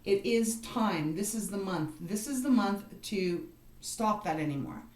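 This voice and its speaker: A woman's voice: mid-range voice, expressive, moderate pace. Earnest woman reading tarot in an echoey room. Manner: earnest, encouraging, talks straight to the listener; repeats herself, with frequent "you know" and "right". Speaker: tarot card reader. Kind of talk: tarot reading for a star sign.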